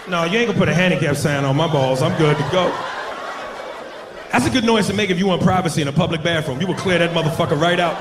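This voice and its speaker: A man doing a profane stand-up comedy routine with loud impressions on a club stage. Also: high-pitched, quick pace. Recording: live club with loud crowd and noise. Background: audience laughter.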